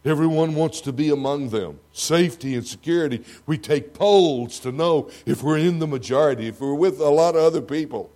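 An older man with a Texan accent preaching a sermon to a congregation, swinging from loud, emphatic lines to hushed ones. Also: on the high side, brisk, hardly any pauses. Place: church before a congregation.

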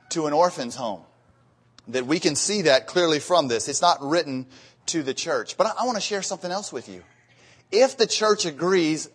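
A man preaching a sermon, earnest and building to emphatic peaks, often repeating words as he goes. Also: mid-range voice.

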